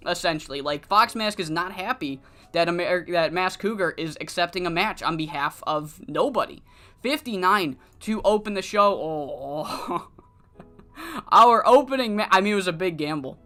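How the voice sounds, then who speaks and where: A woman's voice: lowish voice, lively intonation, moderate pace, sharp tone, soft background music. A woman streamer casually narrating a wrestling management game. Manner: casual, swearing, chatty.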